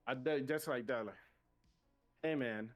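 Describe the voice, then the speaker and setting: A man with a non-native accent tells a story on a casual podcast. He acts out both sides of the exchange in a lively way. His pitch sits in the middle for a man. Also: a little slow, lo-fi sound, soft background music. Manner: animated retelling, acting out both sides of a conversation. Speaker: podcast co-host.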